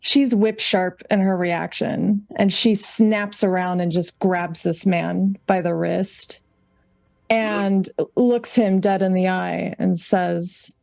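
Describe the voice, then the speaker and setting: A woman player describing her character at a tabletop game in an unhurried way, pausing often with ums. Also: on the low side, fairly even intonation, creaky, a little mellow, no room sound. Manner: unhurried, with many ums and pauses.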